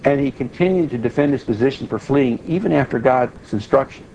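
A man's voice: mid-range voice, animated, fairly quick, mellow, muffled recording, a little hiss or hum. A man teaching an informal Bible study in a loose, conversational way, with frequent restarts and asides.

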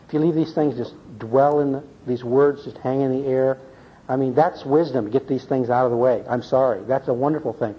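Older male Bible-class teacher, folksy and earnest, husky voice, dull lo-fi tape. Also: medium pitch, steady tone, brisk. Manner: folksy, earnest, asks "see?" and "okay?". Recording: muffled lo-fi recording.

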